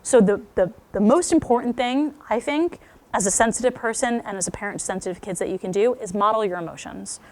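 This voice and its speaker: A woman speaking to parents at a school talk, telling stories with lively acted-out quotes. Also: mid-range voice, brisk. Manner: animated storytelling, acts out quoted speech.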